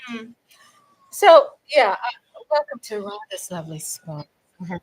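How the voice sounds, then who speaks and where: A middle-aged woman hosting a casual livestream, talking in a lively, chatty way and swinging from loud cheering to low asides. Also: measured pace, breathy edge, low-quality recording. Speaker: livestream host.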